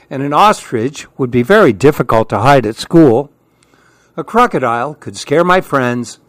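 A man reading children's stories aloud in a slow, gentle, expressive way. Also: medium pitch, dry recording. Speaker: storyteller. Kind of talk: children's story read-aloud.

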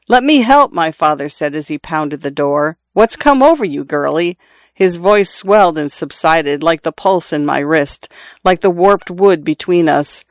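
A man narrating a literary first-person story in a measured, lyrical way. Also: fairly high pitch, no room sound. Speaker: audiobook narrator.

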